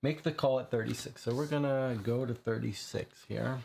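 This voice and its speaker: A man's voice: medium pitch, moderate pace, vocal fry, a little mellow, a little hiss or hum. A man reading a gamebook aloud to viewers and explaining his choices as he goes. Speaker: player and reader of a gamebook. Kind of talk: reading a game aloud with commentary.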